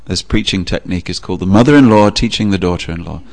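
A man preaching a sermon, telling a story with a relaxed, anecdotal manner and frequent pauses. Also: low voice. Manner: anecdotal, with fillers. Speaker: religious preacher.

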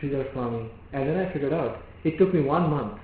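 A man giving a devotional lecture in a measured, explanatory way, often asking rhetorical questions. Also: medium pitch, expressive, slight background noise. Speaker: preacher. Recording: echoey hall on a phone-like line.

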